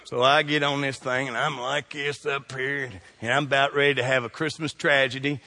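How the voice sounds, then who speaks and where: A middle-aged man, a pastor telling funny stories in a sermon, folksy and animated, shouting his punchlines. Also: mid-range voice, brisk. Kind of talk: humorous sermon storytelling.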